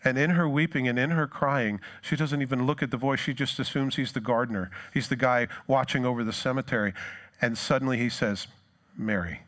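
A man preaching from the pulpit in an animated storytelling manner. His pitch sits in a middle range for a man, and he slips into short acted voices as he recounts the scene. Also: fairly quick. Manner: animated storytelling, acts out quoted lines. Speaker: pastor. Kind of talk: sermon.

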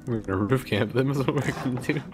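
A man playing as a co-op gaming partner, talking in a casual way with crude, deadpan trash talk. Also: medium pitch, quick pace, music in the background.

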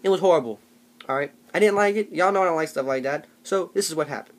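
A man's voice: high voice, animated, fairly quick, fairly bright tone. A young man telling comic stories in a rambling, jokey vlog, often putting on mock voices. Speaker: vlogger. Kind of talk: comedic storytelling vlog.

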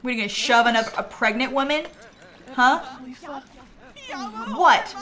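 Female streamer, casual game commentary, lively swooping voice, quick to laugh. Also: a little high. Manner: animated, laughing, talks to her game characters.

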